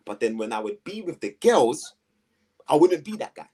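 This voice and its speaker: A man, telling his story to two hosts in a lively, slangy way, acting out the voices of people around him. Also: fairly high pitch, normal speed, breathy edge. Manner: animated, slangy storytelling with acted-out quotes. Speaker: guest. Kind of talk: storytelling in a conversation.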